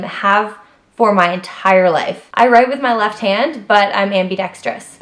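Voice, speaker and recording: A young woman vlogging to her camera, reeling off facts about herself in a chatty, animated way, full of "like" and quick jumps in pitch when she gets emphatic. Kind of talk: casual to-camera list of personal facts.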